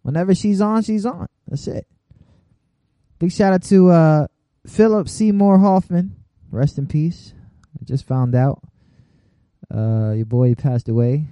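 A man hosting an internet radio show, giving loose, laughing on-air shout-outs and swearing freely. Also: mid-range voice, no room sound.

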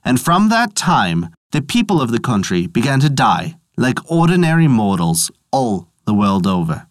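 Animated folk tale storyteller. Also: normal speed, dry recording, studio quality. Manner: animated storytelling with wide pitch swings. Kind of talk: scripted narration of a folk tale.

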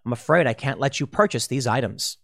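A man's voice: medium pitch, brisk, creaky, fairly bright tone. A man voicing a polite automated payment system turning down a purchase.

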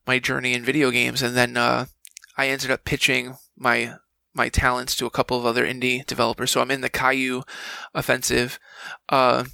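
Gravelly, bright-voiced man telling a story. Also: medium pitch, moderate pace, few pauses, dry recording, poor audio. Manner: animated, acts out quoted dialogue. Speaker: guest, game voice actor. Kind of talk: casual storytelling.

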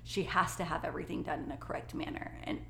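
Animated woman telling a funny story, laughs a lot, roomy echo, faint hiss. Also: on the low side, fast talker, creaky. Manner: lively, laughs easily, animated retelling. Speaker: co-host, mother. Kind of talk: casual storytelling chat.

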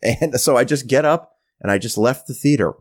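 A man's voice: medium pitch, brisk, husky. A middle-aged man on a podcast telling a long funny story, bouncing into exaggerated voices for the people he quotes. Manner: animated, mimics voices in quoted lines. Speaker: podcast co-host. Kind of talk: casual storytelling rant.

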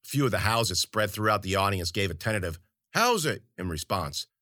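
A man's voice: deep voice, fast talker, sharp tone, no room sound, studio quality. A man narrating a story in first person, with wry, colloquial and profane delivery. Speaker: audiobook narrator.

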